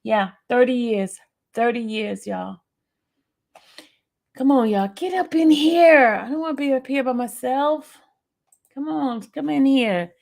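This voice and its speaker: A woman's voice: fairly high pitch, measured pace, gravelly, long pauses, darkish tone. A tearful woman hosting a live stream, pleading with listeners to come up and talk. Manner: pleading, urging listeners to join. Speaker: livestream host.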